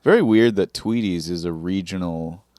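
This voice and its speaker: A man guests on a comedic podcast and swaps stories in an easy, wry way. His voice is deep. He talks like a comedian among friends. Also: moderate pace, darkish tone, no room sound, studio quality. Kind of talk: casual comedic chat.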